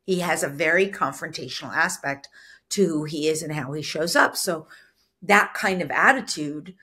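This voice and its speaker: A woman teaching in a solo podcast, earnest and explanatory, with a husky voice that is soft yet firm, now and then acting out short quoted lines. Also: low-pitched, normal speed. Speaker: spiritual business coach.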